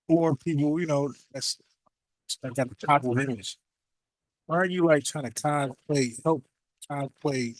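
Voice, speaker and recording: A man's voice: mid-range voice, no room sound, poor audio. A man giving casual reaction commentary, incredulous and firing off rhetorical questions.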